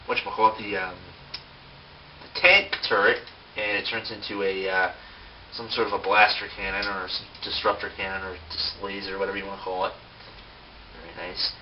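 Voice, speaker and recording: A man's voice: fairly low pitch, little pitch movement, normal speed, long pauses. Man rambling through a toy review. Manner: rambling, many fillers, self-mocking asides. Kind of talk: casual unscripted toy review. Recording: distant mic, dull sound, faint hiss.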